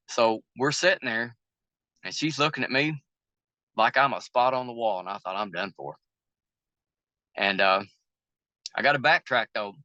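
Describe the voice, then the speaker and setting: A man's voice: mid-range voice, sharp tone, no echo, lo-fi sound. An older man with a Southern American accent, a river boat captain telling candid stories in an interview, plain-spoken and folksy, acting out the dialogue of the people in his stories. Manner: folksy, plain-spoken storyteller who acts out quoted dialogue.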